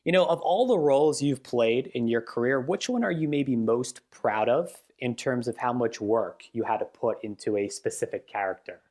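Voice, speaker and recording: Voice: medium pitch, moderate pace, hardly any pauses, a little mellow. An interviewer introducing a guest and asking brief, straightforward questions. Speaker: interviewer, TV host.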